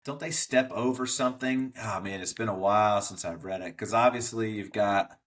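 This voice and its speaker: A man's voice: fairly low pitch, normal speed, a bit bright. A man co-hosting a podcast in casual chat, rambling and hesitant, fond of quoting movies. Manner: rambling, hesitant, many fillers and restarts, quotes movies. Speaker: podcast co-host.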